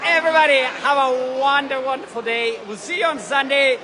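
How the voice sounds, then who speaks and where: High-voiced excited woman at a street parade. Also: a little fast. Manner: excitable, shouting greetings and names. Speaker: travel vlogger. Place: outdoors on a city street during a parade. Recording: outdoor crowd noise. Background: cheering crowd and street noise.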